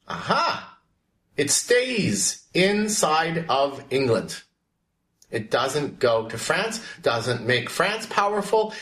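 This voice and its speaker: Guy teacher quizzing his class, high voice that swings up and down a lot. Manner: questioning, animated, calls on students by name. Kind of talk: classroom history lesson.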